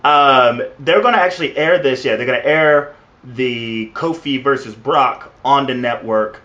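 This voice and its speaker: Easygoing podcast co-host who stumbles over restarts; dull lo-fi audio. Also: male voice, mid-range voice, unhurried, sharp tone. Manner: laid-back, stammering restarts. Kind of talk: casual chat.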